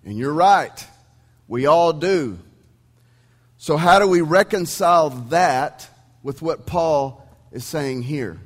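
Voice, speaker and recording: The pastor, who has an East Texan accent, takes his sermon slowly, with long pauses and lively intonation. His slightly high voice fills a large hall over the sanctuary sound system as he presses rhetorical questions, emphatic but conversational.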